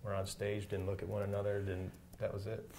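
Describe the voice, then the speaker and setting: Man, middle-aged, very low voice, hesitant, thoughtful, faint background noise. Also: completely flat delivery, a little fast, vocal fry, mellow. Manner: hesitant, thoughtful, many restarts. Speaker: rock guitarist guest. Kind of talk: casual interview answers.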